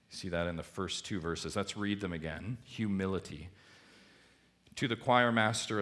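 A man preaching a sermon, pushing his voice up high on key points and letting it drop low at the ends of lines. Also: a bit bright. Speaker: pastor.

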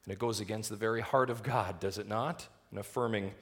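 A male pastor preaching a sermon, reading scripture slowly and putting rhetorical questions to the congregation. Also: fairly low pitch, fairly even intonation, a bit bright. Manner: reads scripture aloud slowly and deliberately.

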